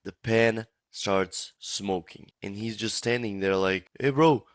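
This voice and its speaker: A young man narrates a comic storytime in a loose, casual way, swearing freely and piling on exaggeration. His voice sits fairly low. The recording is dry and close, with no room sound. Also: little pitch movement, slow pace, smooth, no echo. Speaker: storytime YouTuber.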